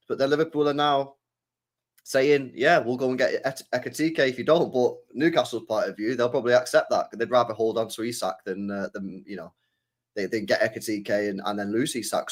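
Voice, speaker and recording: Brief: man, mid-pitched co-host, relaxed slangy football chat with plenty of hesitation. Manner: laid-back, slangy, hesitant. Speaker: podcast co-host.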